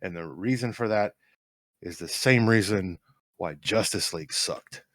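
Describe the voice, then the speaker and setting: A man with a lowish voice argues his point bluntly, swearing for emphasis. The sound is dry and close, and his delivery is forceful but casual. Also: unhurried, no room sound. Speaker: podcast co-host. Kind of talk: casual chat.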